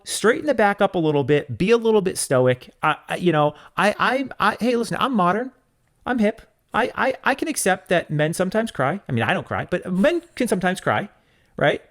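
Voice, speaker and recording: A man co-hosting a casual podcast chat, with a somewhat high voice. His pitch swoops up and down in a lively way as he rants with mock-stern emphasis. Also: normal speed. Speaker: podcast co-host.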